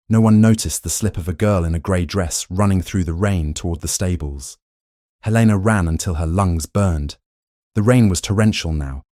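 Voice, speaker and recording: Deep-voiced male audiobook narrator. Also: dark tone, no room sound, clean studio sound. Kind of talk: scripted romance audiobook narration.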